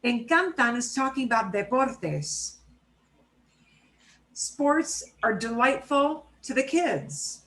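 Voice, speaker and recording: Over a video call, a Spanish teacher runs a casual online class, chatting and explaining as she goes. She constantly checks in with "right?" and "okay?". Her voice sits high, and the recording quality is low.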